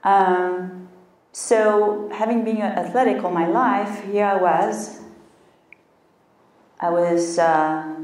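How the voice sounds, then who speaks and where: A woman's voice: on the low side, slow, pauses often, a little mellow, echoey room, distant mic. A woman health coach giving a motivational talk, telling a personal story and acting out her inner voice.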